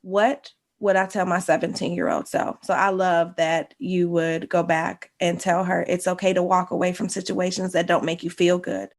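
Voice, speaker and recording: A woman's voice: on the low side, flat delivery, moderate pace, few pauses. A woman hosting a podcast, affirming her guest with playful slang in a casual interview chat. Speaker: podcast host.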